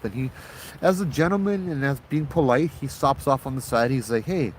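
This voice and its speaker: A man's voice: medium pitch, fairly quick, slight background noise. Tipsy Hawaiian man telling ghost stories outdoors. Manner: relaxed, rambling, with local slang. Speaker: host, ghost-story teller. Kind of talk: casual spoken storytelling. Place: outdoors at night.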